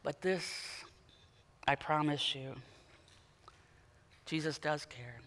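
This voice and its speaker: A man preaching a sermon, dramatic, moving from quiet intensity to loud emphatic peaks. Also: a little high, steady tone, extremely slow, a little hiss or hum. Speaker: pastor. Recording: long hall reverb.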